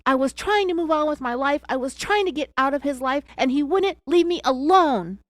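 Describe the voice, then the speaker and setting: A woman's voice: high voice, expressive, moderate pace, dry recording, clean studio sound, pitched above the performer's own voice. A woman voicing an accused wife under interrogation, screaming insistent denials. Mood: defensive, insistent.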